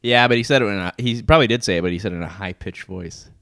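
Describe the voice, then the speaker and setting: A man's voice: lowish voice, racing, a bit bright, no echo, clean studio sound. A man co-hosting a comedy podcast, reading out news quotes and tossing in irreverent, profane quips. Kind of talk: casual comedic banter.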